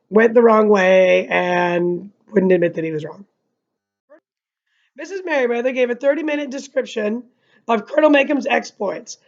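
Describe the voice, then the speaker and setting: A woman's voice: on the high side, dull audio. A young woman reading a novel aloud like a teacher, adding casual asides. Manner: casual asides between reading, slightly monotone narration. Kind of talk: read-aloud with commentary.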